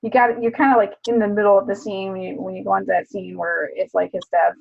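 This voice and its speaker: A woman's voice: mid-range voice, fairly even intonation, fast talker, gravelly, hardly any pauses. A woman co-hosting a casual book club chat, rambling with plenty of fillers, recorded on a dull lo-fi mic.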